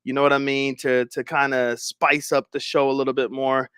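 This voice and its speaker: A young man hosting a livestream, chatting casually with viewers, animated and swearing, often laughing. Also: mid-range voice, moderate pace, clean tone, dry recording, studio quality. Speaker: livestream host. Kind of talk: casual stream chat.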